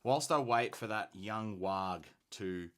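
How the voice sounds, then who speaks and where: A man's voice: lowish voice, slow, fairly bright tone. An Australian man hosting a hobby painting live stream, chatty and rambling as he thinks aloud. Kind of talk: casual live-stream chat.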